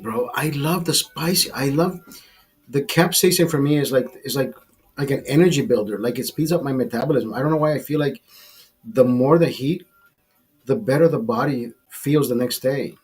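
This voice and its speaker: A middle-aged man hosting a podcast, telling a profane, animated anecdote in casual chat and acting out the quotes. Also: medium pitch, normal speed, husky, faint music behind. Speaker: podcast host telling a story.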